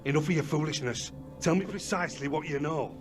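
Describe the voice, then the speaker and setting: A man's voice: on the high side, fairly quick, music in the background, natural voice. A man playing a stern, protective colonial-era husband who speaks in formal, old-fashioned phrasing. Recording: game audio over loud score.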